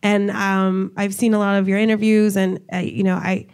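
A woman's voice: mid-range voice, little pitch movement, normal speed, darkish tone, clear, resonant tone. A woman hosting a talk show, brash and teasing, swearing freely in casual chat.

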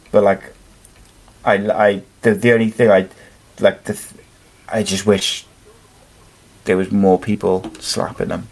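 A man's voice: lowish voice, level tone, a little slow, long pauses, darkish tone. A man hosting a casual wrestling chat show, rambling and swearing freely. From United Kingdom. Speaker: podcast host.

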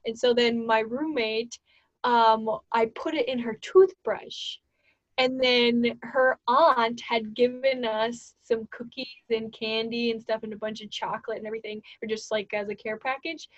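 A woman in her twenties with a slightly high voice tells a story in a loose, chatty way. She acts out the other people's lines with rising energy. The recording is dry and a little lo-fi. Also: unhurried, dry recording. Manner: animated, laughing, acts out quoted voices. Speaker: co-host. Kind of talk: casual storytelling. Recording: dull lo-fi sound.

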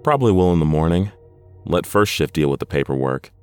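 A man voicing an intimidating, swaggering male nursing aide with a rumbling voice and a cool, quietly threatening manner. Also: expressive, fairly quick, clean tone, no room sound, faint music behind.

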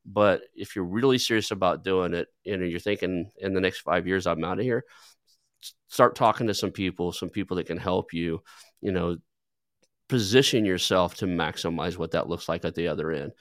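Deep-voiced man telling rambling stories. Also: moderate pace, no echo, studio quality. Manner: rambling, storytelling with filler words. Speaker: podcast host who buys businesses. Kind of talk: casual conversational interview.

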